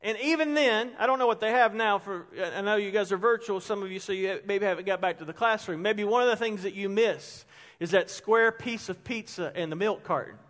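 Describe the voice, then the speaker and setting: A middle-aged man preaching a sermon as a pastor, telling stories with energy and dropping to a hush for emphasis. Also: high voice, a little fast, hardly any pauses. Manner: animated storyteller, drops to a hush for emphasis. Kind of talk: sermon with storytelling. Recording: long hall reverb.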